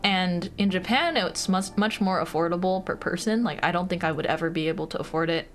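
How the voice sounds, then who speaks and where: A woman's voice: on the low side, a little fast, faint music behind. A young American woman streaming casual chat, bubbly and giggly, with lots of fillers. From United States.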